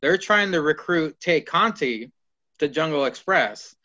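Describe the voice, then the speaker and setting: A man co-hosting a casual wrestling podcast, retelling scenes in an animated way and swearing freely. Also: on the high side, a little slow. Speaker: podcast co-host. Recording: lo-fi podcast audio.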